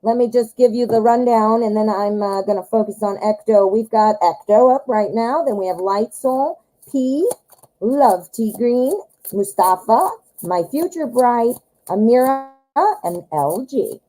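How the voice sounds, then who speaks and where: A woman's voice: fairly high pitch, measured pace, dark tone, low-quality recording. A woman hosting a live tarot reading stream, chatting casually and greeting viewers by name.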